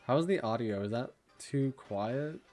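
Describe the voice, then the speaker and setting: A man's voice: mid-range voice, expressive, a little slow, a little mellow. A young man hosting a casual livestream, laughing often and thinking aloud while chatting, with faint game music behind him. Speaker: livestream host.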